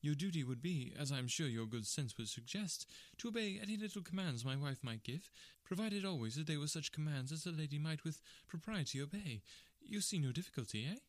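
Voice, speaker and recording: A man voicing a jovial, pushy middle-aged gentleman who wheedles and insists. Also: on the high side, animated, brisk, dry recording, lightly acted. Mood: coaxing.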